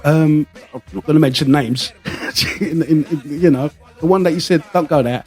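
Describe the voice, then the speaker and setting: A man's voice: a little high, normal speed, a little mellow, breathy edge, soft background music. A man hosting a casual podcast, telling rambling anecdotes and swearing freely. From London. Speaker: podcast host.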